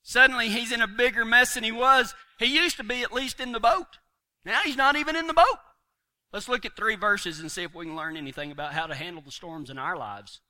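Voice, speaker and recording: A man's voice: very high-pitched, a little fast, pushed and bright. A man preaching a folksy sermon, telling stories with homespun humor and chuckles.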